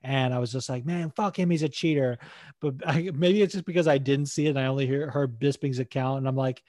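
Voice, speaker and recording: A podcast co-host, a man with a medium-pitched, slightly mellow voice and fairly even intonation, talks fast in a casual MMA chat. He rambles about fights, swearing and laughing frequently. The sound is studio quality with no echo.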